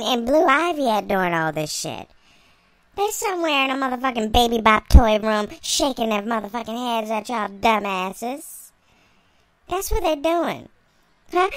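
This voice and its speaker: A woman's voice: on the high side, sing-song, moderate pace, no room sound. A young woman vlogger delivering a sassy, profane, mocking reaction rant, laughing between lines.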